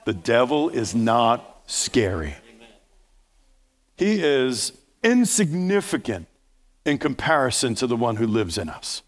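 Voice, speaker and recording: Male pastor, 50s, mid-range voice, jokey conversational sermon with loud emphatic swells, heavy reverb of a big church hall. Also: mid-range voice, sing-song, slow pace. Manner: conversational preaching with teasing humor and surging emphasis.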